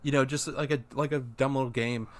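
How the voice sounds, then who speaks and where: A man's voice: medium pitch, fairly even intonation, fairly quick. A man co-hosting a podcast, chatting casually and swearing while telling a story about game nights. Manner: laid-back, swearing, tells anecdotes. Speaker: podcast co-host. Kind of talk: casual chat.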